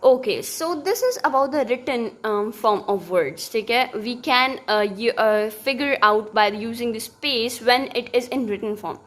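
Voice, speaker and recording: A woman's voice: a little high, normal speed, hardly any pauses. A young woman giving a recorded linguistics lesson, explaining step by step with many fillers and restarts. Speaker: teacher.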